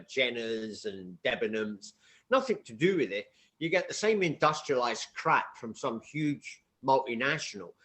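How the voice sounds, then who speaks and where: A man in his sixties, from London, chatting bluntly and telling stories on a political talk panel. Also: medium pitch. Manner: animated storyteller, blunt and colloquial. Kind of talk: casual political chat.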